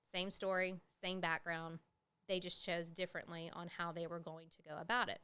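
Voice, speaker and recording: A woman's voice: lowish voice, fairly even intonation, fairly quick, a bit bright, clean tone. A woman, hosting a podcast and telling her own story candidly, with plenty of fillers and swearing. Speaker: podcast host. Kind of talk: casual personal storytelling.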